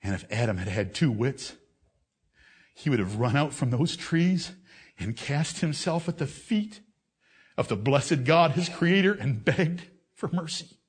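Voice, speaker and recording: A man delivers a fiery sermon in a confrontational, scolding manner. He swings from loud, raised declaiming to low, intense reasoning aimed straight at his listeners. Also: lively intonation, unhurried, husky. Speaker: preacher.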